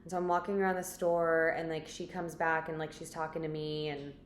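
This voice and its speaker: Low-voiced chatty woman vlogger. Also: little pitch movement, brisk. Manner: chatty and rambling, many "like" fillers. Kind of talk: casual storytelling to camera. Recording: echoey room with faint background noise.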